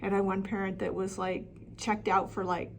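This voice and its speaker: A woman's voice: medium pitch, little pitch movement, brisk, vocal fry, a little hiss or hum. A middle-aged woman coaching parents with practical advice, talking plainly with frequent ums and restarts. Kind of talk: talking-head advice video.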